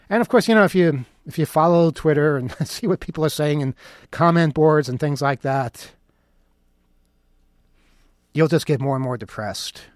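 A man's voice: a little high, a little slow, long pauses, no echo, studio quality. A man delivering an opinion monologue in a sarcastic, mocking tone. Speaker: commentator.

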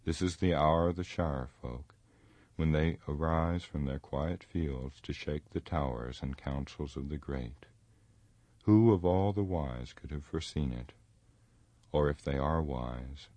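Man reading as a grave, deep-voiced elf lord. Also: a little mellow, dry recording. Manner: solemn, measured pronouncement. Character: wise ancient elf lord, grave and kindly.

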